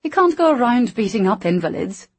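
A woman reading a brisk, bossy landlady in an audiobook, scolding the men. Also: a little high, sing-song, darkish tone, slightly rough, pitched above the performer's own voice.

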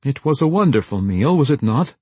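A man's voice: medium pitch, very animated, a little fast, darkish tone, husky, dry recording, pitched above the performer's own voice. A man voicing a pushy, imposing young nobleman in an audiobook, speaking with insistent ardor. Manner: insistent, ardent.

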